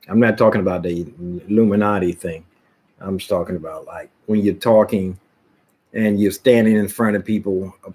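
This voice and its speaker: A man's voice: on the low side, darkish tone. A man casually vlogging at home, rambling and jumping between topics with many restarts.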